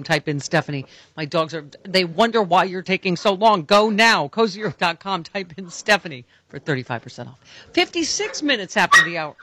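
A woman's voice: fairly low pitch, lively intonation, fairly quick, bright, forceful tone, a little hiss or hum. A woman hosting a radio talk show, reading an ad in a loose, joking way. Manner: playful, joking, loose delivery. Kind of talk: casual on-air ad read and chat.

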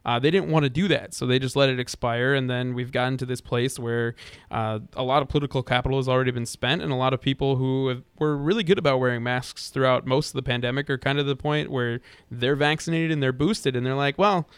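A man's voice: medium pitch, fairly even intonation, quick pace, smooth, dry recording. A man co-hosting a political call-in show, rambling with frequent restarts. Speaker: radio talk show co-host. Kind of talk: casual political call-in talk.

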